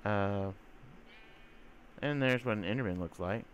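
On the low side and unhurried, this gamer pauses often while slight background noise runs underneath. He keeps up a chatty, filler-filled ramble, now and then cooing at the mobs in his game.

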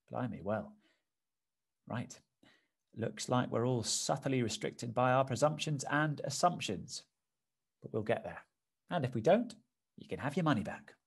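A man performing a theatre piece, speaking in a slick corporate presenter's voice. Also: medium pitch. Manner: smooth corporate presenter patter. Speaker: stage actor performing a solo play. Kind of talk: theatrical monologue.

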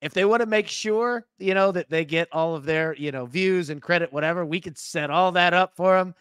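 A man's voice: high-pitched, brisk, a bit bright, clean tone, dry recording, studio quality. A man co-hosting a live sports betting show, upbeat as he explains picks and announces new content. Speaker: co-host.

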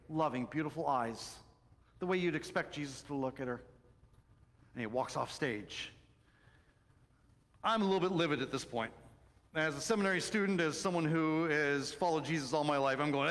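A middle-aged man preaching a sermon as pastor, telling stories animatedly and swinging between loud excitement and soft, hushed moments. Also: on the high side, moderate pace. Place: church sanctuary. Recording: long church reverb.

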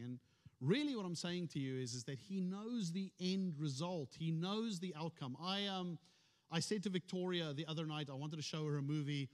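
A man's voice: fairly high pitch, fairly quick, big-room sound. A man preaching a sermon as a pastor, in a conversational storytelling way with touches of humor. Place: church sanctuary.

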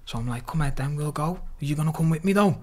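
A man from Liverpool with a Scouse accent, a podcast guest lively retelling his story with quoted dialogue and plenty of swearing. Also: a little high, fast talker. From Liverpool, England. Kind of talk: casual storytelling interview.

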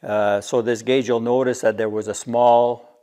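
A man's voice: medium pitch, little pitch movement, normal speed, mellow. Man explaining a DIY build methodically. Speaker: DIY maker. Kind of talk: casual workshop show-and-tell.

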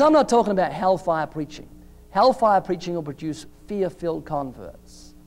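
A man's voice: high-pitched, creaky, darkish tone. A man preaching a sermon in an emphatic style, acting out short dialogues with changing voices.

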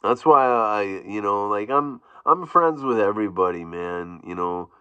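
A man with a very low voice talks through a casual vlog, wandering from thought to thought with restarts and little chuckles. His tone is bright and pushed forward. The recording is dry and somewhat muffled. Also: animated, clear, resonant tone, dry recording. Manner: rambling, halting, with frequent restarts and chuckles. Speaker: YouTube vlogger. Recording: dull, dry, lo-fi sound.

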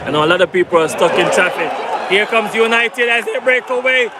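A man's voice: high-pitched, brisk. A man livestreaming a football match as a fan, repeating himself and hyping viewers to like and subscribe, from the stadium stands. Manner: repetitive, hyping, begs for likes. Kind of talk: live match commentary stream. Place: stadium stands among fans. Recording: loud crowd and outdoor noise. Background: stadium crowd.

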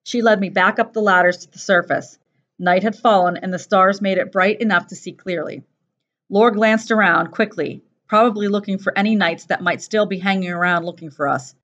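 A woman teacher reading a first-person novel aloud in a steady, plain storytelling voice. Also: mid-range voice, normal speed. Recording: dull lo-fi recording.

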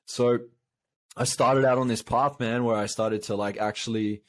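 A man's voice: medium pitch, fairly even intonation, moderate pace, no echo. A man from Australia, a coach, telling a long personal story in a casual interview, rambling with many fillers and restarts. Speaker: guest, coach.

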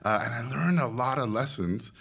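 Bright-voiced Mexican man telling stories. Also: medium pitch, normal speed, vocal fry, slightly rough. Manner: animated storyteller, acts out quoted voices. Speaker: guest speaker, animation director. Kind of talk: storytelling talk to students.

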